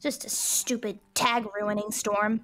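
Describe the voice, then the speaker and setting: A woman's voice: medium pitch, little pitch movement, a little slow, pitched below the performer's own voice, close to an everyday voice. A woman voicing a cheeky third-grade kid eager to play tag, reading game lines aloud in a playful, teasing manner. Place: home setup on a live stream.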